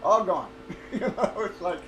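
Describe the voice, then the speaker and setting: A man's voice: high voice, lively intonation, a little slow, a bit bright. A middle-aged man talking casually and bluntly, swearing and laughing often as he vents about his cancer treatment. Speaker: livestreamer. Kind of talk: casual chat. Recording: roomy echo, distant from mic, faint noise.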